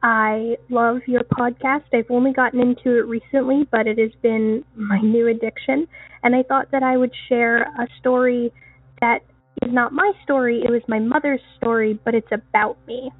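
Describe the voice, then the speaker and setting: A woman from Maine tells her story down a tinny phone line, chatty and earnest, with small fillers along the way. Her voice is somewhat high and husky, and it sounds very dry and close. Faint music plays underneath. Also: fairly even intonation, normal speed, dry recording. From Maine, USA. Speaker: caller.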